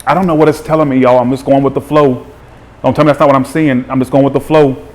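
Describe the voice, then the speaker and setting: A man hosting a live tarot reading, chatty and animated, greeting viewers by name as he talks. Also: mid-range voice, fast. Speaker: tarot reader.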